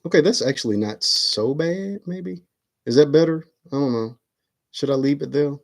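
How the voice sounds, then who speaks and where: A man with a slightly high, creaky voice speaks at a normal speed while hosting a relaxed livestream from home. He chats and mutters to himself while fiddling with his camera, whose mic captures the sound indoors.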